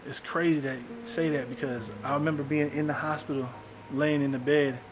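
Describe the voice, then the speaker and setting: A man's voice: on the high side, steady tone, a little fast, background noise. A young man talking candidly in a personal video diary, reflective, often saying "man". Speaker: vlogger documenting his illness. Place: in a parked car. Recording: music playing underneath.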